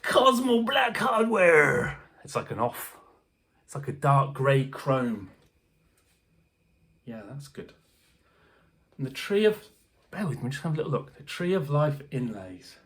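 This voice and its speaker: Animated, chatty man reviewing a guitar. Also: mid-range voice, unhurried, long pauses. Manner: chatty, animated, jokey asides. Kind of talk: casual unboxing review.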